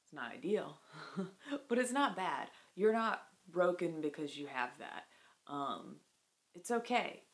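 A woman vlogger talking candidly to camera, halting, with many fillers and restarts. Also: fairly low pitch, very animated. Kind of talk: candid personal talk to camera.

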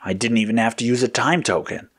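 A man as a thoughtful, steady space agent. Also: mid-range voice, fast talker, slightly rough.

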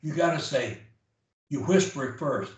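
A man's voice: a little high, expressive, normal speed. A man coaching a client one-on-one through speech drills, emphatic and demonstrating each drill aloud. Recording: very echoey room, mic at a distance.

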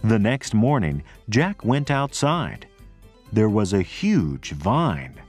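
A man reads a storybook aloud very slowly and deliberately, his low voice slightly husky. His pitch rises and falls expressively. Faint music plays behind him. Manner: clear, deliberate, expressive reading. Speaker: narrator. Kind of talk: slow read-aloud storybook narration.

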